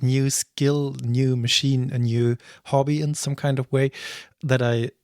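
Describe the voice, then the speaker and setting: A man's voice: mid-range voice, level tone, measured pace, darkish tone, smooth, no room sound, clean studio sound. A man hosting a podcast interview, asking questions and dropping short joking remarks. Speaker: podcast host. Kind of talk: casual interview chat.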